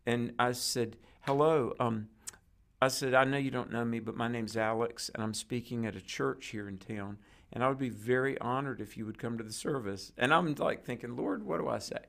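Gravelly man telling a story. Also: mid-range voice, normal speed. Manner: animated storyteller acting out quoted dialogue. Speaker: guest preacher. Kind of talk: storytelling in a conversation.

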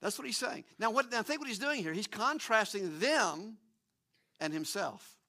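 A man preaching a sermon as pastor, emphatic and animated, often restarting his phrases. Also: sits high, normal speed.

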